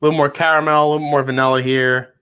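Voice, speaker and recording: A man's voice: a little high, level tone, racing, sharp tone, clean tone. A man hosting a live whiskey tasting stream, chatting casually and swearing now and then. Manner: laid-back, swears casually, laughs easily. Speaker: whiskey reviewer, livestream host.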